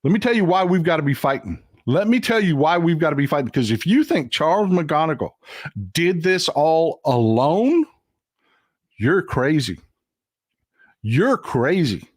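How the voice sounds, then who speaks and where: An older man talks straight into a close, dry mic on his own livestream. His voice sits a bit on the high side, and he speaks plainly and profanely, stopping now and then to read out and thank viewer comments. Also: sing-song, measured pace, no room sound. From Texas. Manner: blunt, profane, reads viewer comments aloud. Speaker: livestream host.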